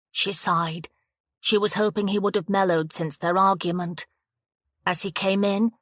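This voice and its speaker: A woman reading a thriller audiobook aloud in a steady, measured narration. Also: on the low side, no room sound, studio quality. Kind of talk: scripted narration of a thriller novel.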